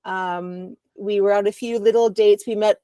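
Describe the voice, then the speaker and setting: A woman's voice: medium pitch, steady tone, moderate pace, mellow, clear, resonant tone, no room sound. A woman, a podcast guest, candidly telling a personal story at home over a video call, with a rambling flow and frequent ums.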